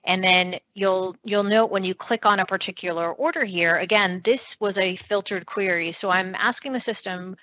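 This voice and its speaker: A woman presenting a software product demo, explaining features step by step in a steady way with some fillers. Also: medium pitch, normal speed, few pauses, no echo, narrow, tinny audio.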